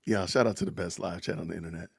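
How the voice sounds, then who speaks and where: A middle-aged man with a drawl hosts a casual livestream, chatting loosely with his viewers and laughing often. His voice is gravelly and a bit husky. The sound is dry and close, with little room around it. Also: sits low, fairly even intonation, very fast, dry recording. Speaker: podcast host. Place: home, family heard in the kitchen.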